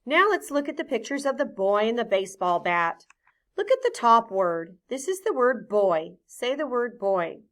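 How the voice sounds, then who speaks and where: A woman teaching a phonics lesson to young children, patient and clear, sounding out each letter sound deliberately. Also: on the high side, sing-song, a bit bright.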